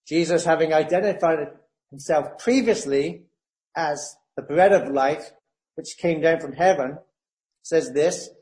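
Guy preaching, voice a bit on the high side, leans hard into scripture readings. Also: a little mellow, rough recording. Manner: reads scripture with rising emphasis, slows on verse references. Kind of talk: sermon.

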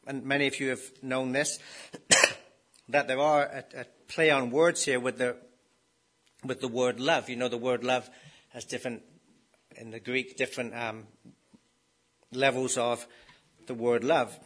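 Husky, bright-voiced male preacher. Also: mid-range voice, fairly even intonation, a little slow, long pauses. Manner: conversational preaching with rhetorical questions. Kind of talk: sermon.

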